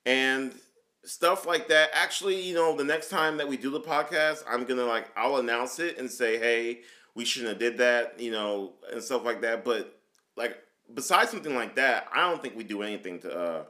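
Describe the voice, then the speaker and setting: A man's voice: medium pitch, expressive, moderate pace, bright, forceful tone. A man co-hosting a casual chat podcast, rambling with many restarts and fillers. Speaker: podcast co-host.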